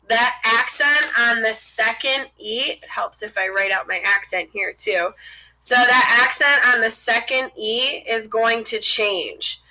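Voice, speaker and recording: A woman's voice: fairly high pitch, sharp tone, rough recording. A young adult woman, a French teacher, explaining verb conjugations in a chatty, informal way while writing on a board. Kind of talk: casual classroom explanation.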